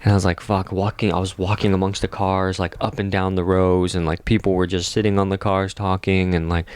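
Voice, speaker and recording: A young man with a very low, deep voice tells a long story on a podcast. He rambles, stacks up fillers and swears freely. The sound is close and dry, with no room echo. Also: level tone, brisk, a little mellow, clean tone. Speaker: podcast co-host. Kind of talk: casual storytelling.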